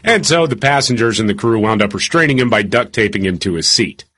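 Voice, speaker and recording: A man's voice: fairly low pitch, expressive, fairly quick, a bit bright, breathy edge. A man co-hosting a casual talk show, telling stories in a chatty, self-deprecating way. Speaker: co-host. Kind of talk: casual chat.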